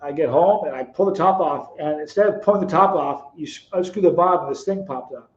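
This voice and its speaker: A middle-aged man with a fairly high voice hosts a casual live stream. He chats and teases his viewers by name. The sound is dull and a little lo-fi. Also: a little fast. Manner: chatty, teasing viewers by name, storytelling. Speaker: live stream host reading chat. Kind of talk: casual chat.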